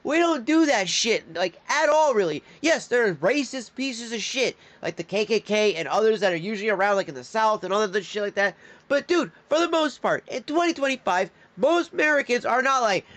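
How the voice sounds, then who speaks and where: A man's voice: extremely high pitch, animated, moderate pace, a bit bright. A man streaming his reactions to videos, ranting with heated, profane outbursts. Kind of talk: live reaction stream commentary.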